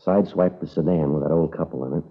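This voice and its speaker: A stern deep-voiced detective. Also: male voice, steady tone, fast talker, breathy edge, full character voice. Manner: clipped, matter-of-fact. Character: stern, steady male police detective. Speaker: police officer. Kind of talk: 1950s radio drama acting. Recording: tinny old radio broadcast.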